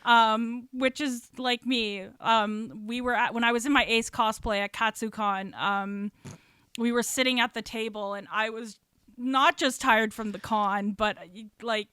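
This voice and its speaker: A woman's voice: a little high, steady tone, unhurried, bright, forceful tone, clear, resonant tone, dry recording. A woman guest on a podcast, chatting casually about cosplay with frequent fillers and giggles.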